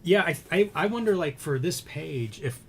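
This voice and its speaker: A man's voice: a little high, animated, normal speed, gravelly, breathy edge. A man co-hosting a casual comics chat, speaking in a thoughtful, analytical way as he points things out on the page. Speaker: co-host.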